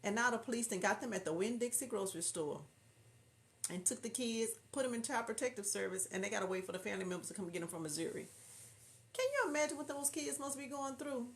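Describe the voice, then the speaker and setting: A woman's voice: medium pitch, expressive, fast, creaky. A woman from Houston with a Southern drawl, hosting a casual livestream, chatting and reading viewer comments aloud. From Houston, Texas. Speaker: livestream host reading chat. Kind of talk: casual chat.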